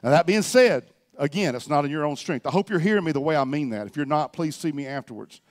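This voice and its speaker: A middle-aged man preaching a sermon as pastor, swinging between loud exhortation and quiet reflection. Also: a little high, lively intonation, quick pace.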